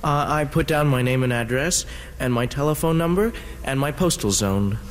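A man's voice: mid-range voice, moderate pace, in a large hall, close to an everyday voice. A man playing an earnest, literal-minded young boy who speaks in a matter-of-fact way.

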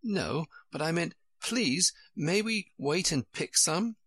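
A man's voice: on the high side, big pitch swings, takes it slowly, bright, forceful tone, husky, no echo, pitched above the performer's own voice, exaggerated voice. A man voicing a polite, curious little girl who pleads eagerly and keeps asking questions.

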